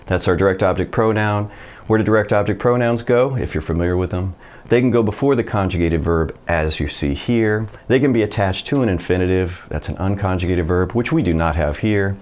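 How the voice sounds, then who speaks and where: Low-voiced guy explaining spanish grammar, easygoing, slows down for examples. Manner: relaxed, chatty explaining with slow model sentences. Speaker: Spanish teacher. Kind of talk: casual video lesson.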